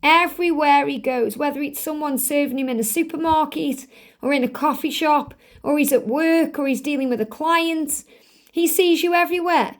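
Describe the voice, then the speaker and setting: High-voiced woman giving a tarot reading. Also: normal speed. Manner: earnest, repetitive, gently emphatic. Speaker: tarot reader. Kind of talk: spiritual tarot card reading.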